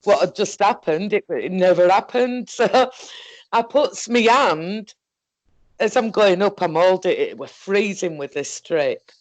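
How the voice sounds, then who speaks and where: A woman with a Northern English accent telling a story in a casual, halting, rambling way, swearing often. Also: mid-range voice, expressive, no room sound. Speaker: guest recounting an experience.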